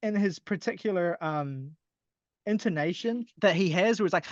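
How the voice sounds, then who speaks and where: A man's voice: sits high, normal speed, dry recording. Exasperated male podcast co-host, sweary ranter, muffled dry home recording. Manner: exasperated, sweary, laughs often, mocking quotes in a silly voice. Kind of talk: casual ranting album review.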